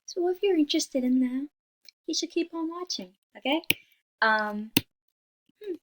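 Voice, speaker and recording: A woman's voice: sits high, lively intonation, a little slow, noisy background. A young woman presenting a class slideshow in a casual, chatty way, with many fillers and frequent "right?", apologizing as she stumbles over hard scientific words. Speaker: student presenter.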